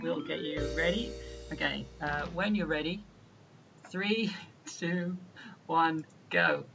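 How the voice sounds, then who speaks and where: Slow-talking woman hosting from afar. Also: sits low, creaky. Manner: brisk announcements and countdowns. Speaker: host and timekeeper. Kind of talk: livestream hosting. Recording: distant voice over loud music. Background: music.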